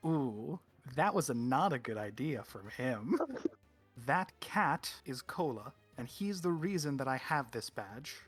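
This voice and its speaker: A man's voice: mid-range voice, lively intonation, measured pace, breathy edge, faint music behind. A man playing a tabletop game, talking in a nervous, self-deprecating way. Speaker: player. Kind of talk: casual chat.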